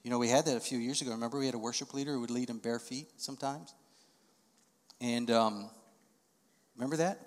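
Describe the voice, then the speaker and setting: A man's voice: mid-range voice, quick pace, long pauses, big-room sound. A male pastor preaching an expository sermon, walking through a passage verse by verse and acting out the voices of the people he quotes. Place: church auditorium.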